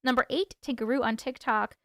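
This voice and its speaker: A woman's voice: on the high side, fairly even intonation, fairly quick, a bit bright, no room sound, clean studio sound. A woman hosting a casual livestream, chatting with viewers, laughing often and stumbling over hard words. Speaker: livestream host reading viewer stories.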